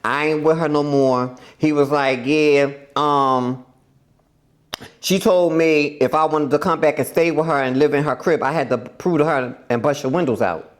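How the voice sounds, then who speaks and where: A woman with a low-sitting voice speaks at a normal speed as a podcast host. She tells a story in casual, profane chat, laughing often and acting out quotes.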